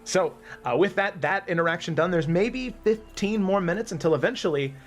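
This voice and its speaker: A man narrating a tabletop game as game master, meandering with frequent pauses and restarts. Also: sits high, faint music behind. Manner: meandering, many ums and restarts.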